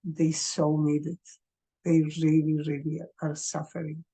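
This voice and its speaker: A woman gives parents gentle, earnest advice at an unhurried pace. She speaks English as a second language, in a mellow, slightly husky voice. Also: sits low, monotone. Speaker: parenting coach.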